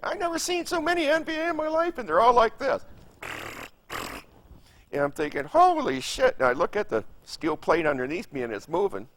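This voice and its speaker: A man's voice: very high-pitched, animated, a little fast, long pauses, a bit bright, slight background noise. Older man telling a vivid war story. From Michigan, United States. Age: 70s. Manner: vivid, emphatic storytelling with repetition and sound effects. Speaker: veteran interviewee. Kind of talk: oral history recollection.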